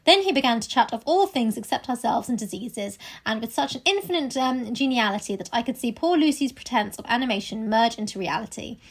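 A woman's voice: on the high side, expressive, a little fast, hardly any pauses, breathy edge. A woman co-hosting a podcast, reading a novel aloud and breaking off to joke and comment. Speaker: podcast co-host.

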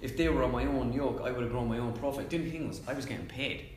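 A young Irish man chatting casually as a comedian guest, telling stories fast and acting out quotes. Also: medium pitch, reverberant, a little hiss or hum. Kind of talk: casual chat.

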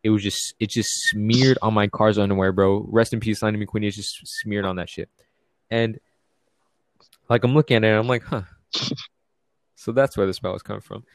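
A man's voice: lowish voice, fairly even intonation, fairly quick, dry recording, clean studio sound. A young man telling a rambling, profane, comic story in casual chat.

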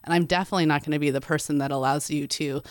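A woman's voice: deep voice, racing, no echo, studio quality. A woman speaking candidly as a guest in casual conversation, acting out what she says to people. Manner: candid, animated, acts out quotes. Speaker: guest, program director.

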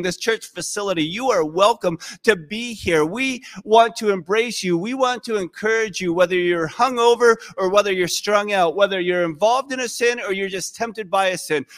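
A male pastor giving a sermon in a conversational, animated storytelling way. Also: high-pitched.

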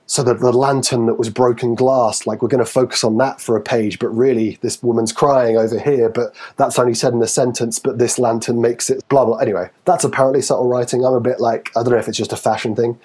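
Casting note: husky-voiced Geordie man, casual podcast chat, lively and playful, mid-pitched. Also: fast talker, few pauses. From Newcastle, England. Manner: animated, acts out quotes with sudden high pitch. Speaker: podcast co-host, fitness coach.

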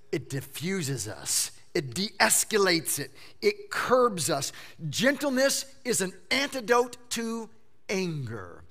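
A male pastor delivers a sermon in a high-sitting voice, alternating between loud, emphatic bursts and quiet lines. He often repeats phrases for effect.

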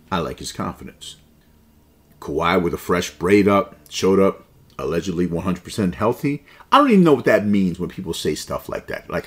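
A man in his forties with a low, deep voice hosts a basketball talk show. He riffs on league news in an opinionated, conversational way and drops slang asides as he goes. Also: darkish tone. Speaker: podcast host. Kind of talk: casual basketball commentary.

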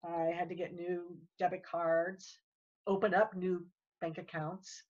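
A woman's voice: on the low side, level tone, a little mellow. Woman, guest in casual chat, rambling, repeats herself, dull lo-fi sound. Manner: rambling, repeats words, talks fast when worked up.

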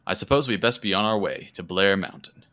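A man's voice: low voice, fairly quick, bright, forceful tone, clean tone. A man voicing a fussy, formal older male professor. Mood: calm.

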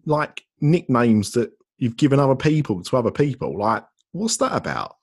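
Cockney guy on a zoom podcast, argues for fun, lively pitch, husky. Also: moderate pace, hardly any pauses. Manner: argumentative, jokey. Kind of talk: casual banter on a podcast. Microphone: video call.

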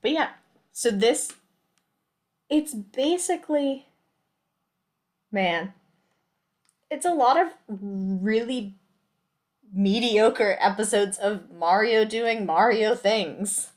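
A woman's voice: mid-range voice, takes it slowly, long pauses. A woman co-hosting a casual podcast chat, explaining game trivia in a chatty, matter-of-fact way. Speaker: podcast co-host.

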